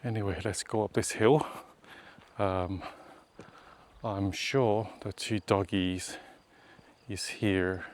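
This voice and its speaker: A man's voice: on the low side, steady tone, slow pace, slight background noise. A man vlogging outdoors on a rural hillside road, chatting casually and pointing things out to his viewers as he walks. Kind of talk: casual walking tour narration.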